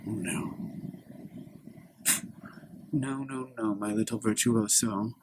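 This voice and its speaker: Guy doing a strict preachy middle-aged dad, low whispery lecturing, lots of background noise. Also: fairly even intonation, takes it slowly. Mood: stern. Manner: lecturing, often hushed and whispery. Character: stern moralizing middle-aged father. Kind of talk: solo improvised comedy scene.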